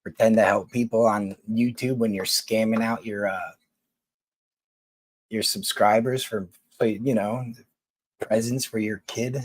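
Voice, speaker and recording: A man's voice: lowish voice, fairly even intonation, a little slow, pauses often, no echo. Profane Philly-accented guy on a livestream. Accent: Philadelphia. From New York City. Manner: profane, rambling, blunt. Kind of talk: casual livestream chat answering viewers.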